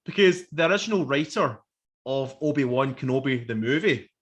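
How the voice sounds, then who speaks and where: A man, co-hosting a casual review chat, animated and sweary, acting out quotes. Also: mid-range voice, normal speed, highs cut off. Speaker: podcast co-host.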